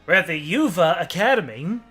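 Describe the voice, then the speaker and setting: A man streams a game with a high, sing-song voice, talking fairly quickly in a pushed, bright tone with a breathy edge. He chats and jokes casually in let's-play style, sometimes reading the game's text aloud in a put-on newscaster voice. Faint music plays behind him.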